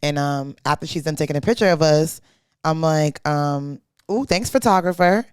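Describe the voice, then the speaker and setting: A woman's voice: low-pitched, moderate pace, clear, resonant tone, dry recording. A young woman co-hosting a podcast in a studio, telling a story in casual chat with lots of slang and swearing, acting out what people said. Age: young adult. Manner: slangy, profane, animated storyteller acting out quotes. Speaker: podcast co-host.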